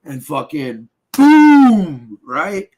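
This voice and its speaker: A man's voice: a little high, huge pitch swings, drawn-out words, darkish tone. Young man, casual podcast storyteller, profane and rambling. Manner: swearing, rambling storyteller who keeps checking in with "right?".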